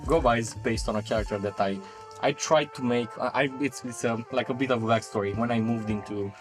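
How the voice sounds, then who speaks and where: Halting man chatting about his game character. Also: medium pitch, fairly even intonation, faint music behind. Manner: halting, many restarts and laughs. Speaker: tabletop game player. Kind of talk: casual panel chat.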